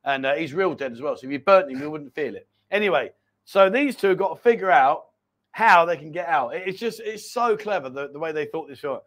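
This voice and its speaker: Chatty, high-voiced host. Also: male voice, a little fast. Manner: chatty, rambling, animated storytelling. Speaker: livestream host. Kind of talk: casual live chat.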